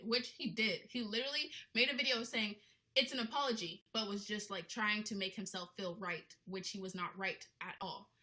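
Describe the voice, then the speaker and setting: A woman's voice: mid-range voice, normal speed, bright, forceful tone, low-quality recording. A young woman ranting in a casual vlog, blunt and indignant, with lots of "like" in her talk. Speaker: vlogger.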